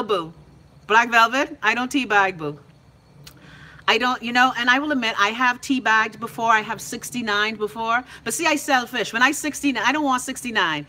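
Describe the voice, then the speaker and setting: Brash Bahamian woman, bright voice. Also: a little high, normal speed. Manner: brash, profane and teasing, calls out viewers by name. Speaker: host of a live call-in show. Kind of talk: loud casual livestream chat reading viewer comments.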